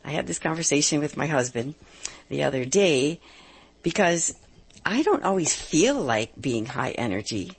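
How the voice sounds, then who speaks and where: A middle-aged woman hosting a live advice radio show, upbeat and emphatic, slowing down to stress key points. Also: low-pitched, big pitch swings, breathy edge. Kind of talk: live call-in radio talk.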